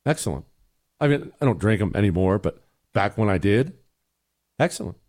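A man's voice: lowish voice, animated, moderate pace, darkish tone. A middle-aged man hosting a talk show, giving blunt, exasperated opinions and answering listener emails. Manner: blunt, exasperated, mocking voices in quotes.

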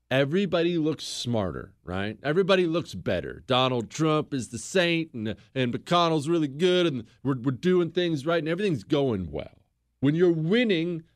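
A man hosting a history talk show, telling the story in a casual, animated way on a close studio mic. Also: mid-range voice, no echo. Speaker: host.

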